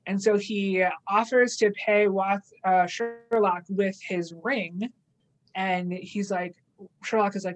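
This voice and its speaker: A woman's voice: mid-range voice, steady tone, takes it slowly. A young woman co-hosting a casual podcast, retelling a plot with many fillers. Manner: casual, filler-heavy, acts out quoted lines. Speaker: podcast co-host.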